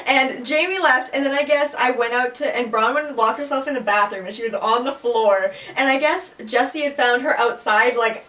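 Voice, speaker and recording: A woman's voice: sits high, moderate pace, few pauses, fairly bright tone. A woman co-hosting a podcast in casual chat, laughing often and teasing. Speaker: podcast co-host. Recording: echoey room, mic at a distance.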